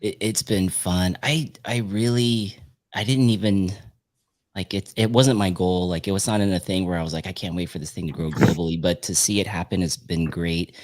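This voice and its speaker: A man hosting a casual podcast, upbeat and quick to laugh as he takes calls. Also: deep voice. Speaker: podcast host.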